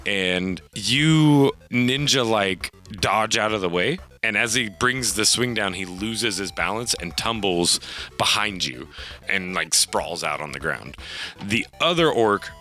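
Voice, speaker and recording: A man's voice: on the low side, lively intonation, slow pace, sharp tone, soft background music. A man narrating a tabletop game as game master, loosely, with frequent fillers and laughs.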